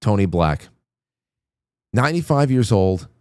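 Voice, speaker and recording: A man's voice: fairly low pitch, sing-song, a little slow, darkish tone, smooth, dry recording. A man hosting a talk show in casual on-air chat, rambling with lots of restarts and stammers.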